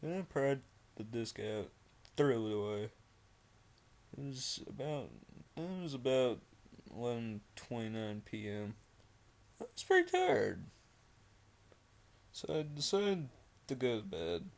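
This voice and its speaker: Young man, slow-paced, rambling creepypasta reader, lots of ums and uhs, mocking asides. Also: medium pitch, animated, a little mellow. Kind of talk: reading a creepypasta with commentary.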